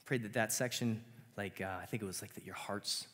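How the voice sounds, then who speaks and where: A man's voice: lowish voice, fairly even intonation, brisk, fairly bright tone. Casual earnest male pastor preaching. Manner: casual, earnest, self-deprecating humor. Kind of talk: sermon. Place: church sanctuary. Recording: long church hall reverb with guitar underneath.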